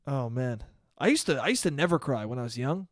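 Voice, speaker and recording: Mid-range and animated, this young man's voice moves a little fast over a slight hiss or hum. He's hosting a casual solo podcast, rambling, swearing, often stopping himself mid-sentence and laughing.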